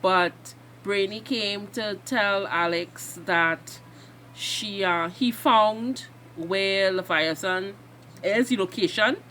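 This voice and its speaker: Excitable woman recapping TV episodes. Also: mid-range voice, takes it slowly, slight background noise. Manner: excitable and emotional, rambling recap full of fillers. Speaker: reaction video host. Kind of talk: casual TV episode reaction and recap.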